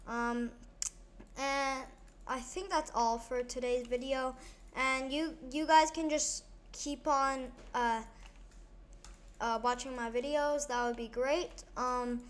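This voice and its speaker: A woman's voice: high-pitched, fairly even intonation, takes it slowly. A woman hosting a casual gameplay tutorial, talking over her play in a rambling way with many fillers and restarts. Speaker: gaming channel host.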